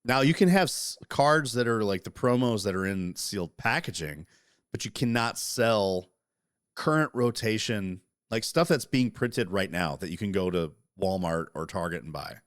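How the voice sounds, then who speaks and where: A man chatting casually as a podcast co-host, animated and profane, talking over interruptions. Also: on the low side, normal speed, dry recording, studio quality. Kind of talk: casual chat.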